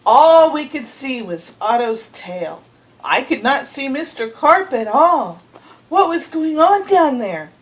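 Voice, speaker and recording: A woman reading a children's picture book aloud, expressive, with gasps and asides to the listener. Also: high voice, slow pace, low-quality recording. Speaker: storybook reader.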